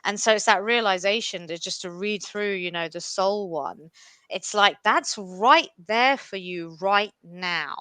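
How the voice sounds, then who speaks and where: A woman's voice: medium pitch, unhurried, clear, resonant tone, no echo. A woman co-hosting a casual podcast, talking emphatically about spirituality and the ego. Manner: animated, emphatic, shifting pace. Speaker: podcast co-host.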